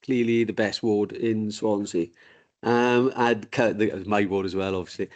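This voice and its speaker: A man's voice: fairly low pitch, steady tone, a little slow, a little mellow, lo-fi sound. A man chairing a council committee meeting. He speaks in an informal, joking way, with the sound of a desk microphone in a meeting room.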